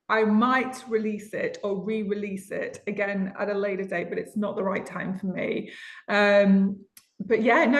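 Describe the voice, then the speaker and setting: Easygoing woman guest in an echoey room. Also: medium pitch. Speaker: radio host guest. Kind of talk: casual interview chat.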